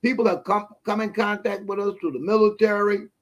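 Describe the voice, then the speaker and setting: A man's voice: sits high, steady tone, a little fast, highs cut off. A man speaking as a guest in a casual live-stream conversation, earnest and emphatic. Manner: earnest, emphatic, repeats affirmations.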